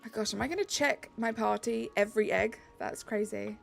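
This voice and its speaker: Chatty young English streamer with gravelly voice. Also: female voice, on the high side, moderate pace, faint music behind. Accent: Southeast English. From England. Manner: chatty, reads chat aloud, upbeat. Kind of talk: live-stream chat while gaming.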